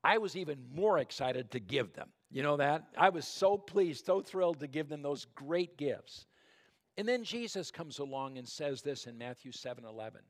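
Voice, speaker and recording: Male pastor preaching, easy storytelling delivery that talks straight to the church, voice on the higher side. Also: expressive, normal speed. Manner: conversational storytelling, addresses the congregation directly; drops to a soft, hushed tone when calling for prayer. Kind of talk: sermon.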